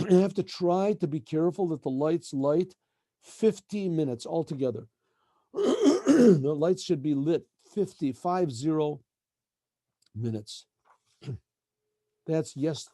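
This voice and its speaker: A middle-aged man, a rabbi teaching a casual daily lesson, who often clears his throat and corrects himself as he goes. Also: a little high, takes it slowly, pauses often, dark tone, no echo, studio quality. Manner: frequent throat-clearing, self-correcting and meandering.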